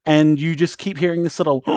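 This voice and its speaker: Game master, male, mid-pitched, loose rambling narration on a dry close mic. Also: no room sound. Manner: rambling, filler-heavy, laughs often.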